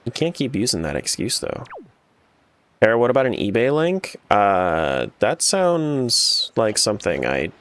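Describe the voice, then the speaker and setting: A man's voice: fairly low pitch, a little slow. A man streaming a randomizer game, chatting casually and joking with his chat as he plays. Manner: joking, animated, talks back to chat.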